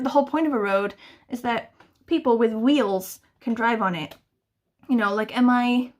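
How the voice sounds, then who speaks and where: A woman in her thirties chatting casually to camera, rambling and swearing freely in exasperated rants. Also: a little high. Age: 30s. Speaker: booktuber answering a tag.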